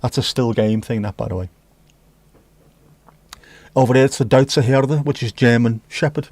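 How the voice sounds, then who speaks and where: A man hosting a relaxed livestream, reading comments aloud with casual, sweary, teasing banter. His voice sits at an ordinary middle pitch. The sound is dry and close, with no room echo. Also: moderate pace. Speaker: livestream host.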